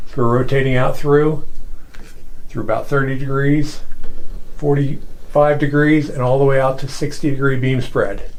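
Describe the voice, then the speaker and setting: A man's voice: medium pitch, low-quality recording. Man demonstrating lights, methodical. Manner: plain, methodical explaining with occasional fillers. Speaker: product demonstrator. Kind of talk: product demonstration. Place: office.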